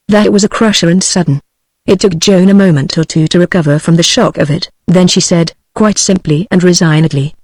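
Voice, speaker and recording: A text-to-speech voice narrating a classic novel in an even, unhurried synthetic reading. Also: mid-range voice, no room sound. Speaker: audiobook narrator.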